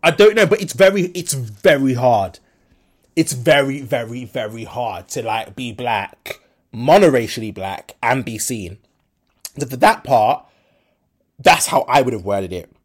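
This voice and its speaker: A young man hosting a solo podcast, his accent shifting between Birmingham and London. He talks frankly and rambles, with lots of fillers and false starts, at an ordinary mid pitch for a man. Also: expressive, unhurried, husky. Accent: switches between Birmingham and London. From English Midlands. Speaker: podcast host. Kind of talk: solo opinion monologue.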